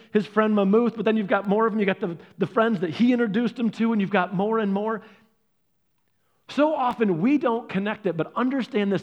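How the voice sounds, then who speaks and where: Pastor, male, higher voice, earnest sermon storyteller, muffled lo-fi sound. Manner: earnest storytelling, swinging from loud stresses to soft, hushed lines.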